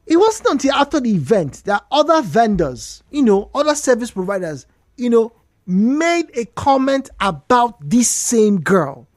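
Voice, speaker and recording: A woman's voice: on the high side, measured pace, dry recording, clean studio sound. A woman with a Nigerian accent hosting a radio talk show, telling a story with lots of emphasis and repetition. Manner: animated storytelling, repeats points for emphasis.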